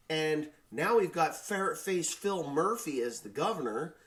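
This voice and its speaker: A man's voice: fairly high pitch, animated, a little slow, hardly any pauses, a bit bright. A farmer vlogging his opinions in a blunt, rambling rant that is full of swearing. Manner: rambling, restarts sentences. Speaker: farmer and YouTuber. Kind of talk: casual opinion vlog.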